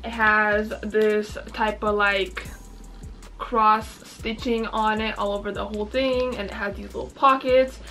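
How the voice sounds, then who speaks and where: A woman's voice: mid-range voice, level tone, measured pace, pushed and bright, distant mic, soft background music. A young woman doing a fashion try-on haul, bubbly and gushing, with lots of "like" filler. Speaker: fashion vlogger.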